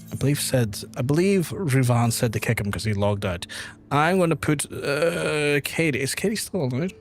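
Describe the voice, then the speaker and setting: A young man in the middle of a game stream, talking loosely to his chat and swearing freely as he rambles from one thought to the next. His voice sits at an ordinary middle pitch, with faint game music playing underneath. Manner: rambling, profane, talks straight to chat.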